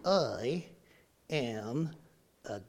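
A man's voice: mid-range voice, animated, drawn-out words. A man voicing a touchy male dodo bird puppet in denial, stubborn and insistent during a puppet skit in a children's message. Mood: indignant.

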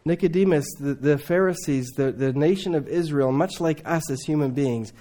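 Man preaching with loud and hushed swings. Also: moderate pace. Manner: swings from loud emphatic to hushed low tones. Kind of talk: sermon.

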